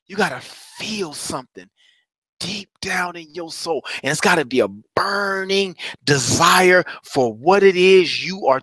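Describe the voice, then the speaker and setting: A man's voice: high voice, pushed and bright, no room sound. Passionate man giving a motivational talk. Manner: preacher-like, repeats phrases with rising passion. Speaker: motivational coach.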